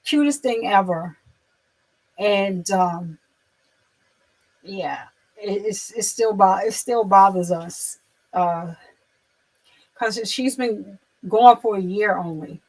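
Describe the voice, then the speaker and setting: A woman chatting casually on a livestream, rambling with many fillers and restarts, turning soft and emotional as she speaks of loss. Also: medium pitch, slow, long pauses, poor audio. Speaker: livestream host.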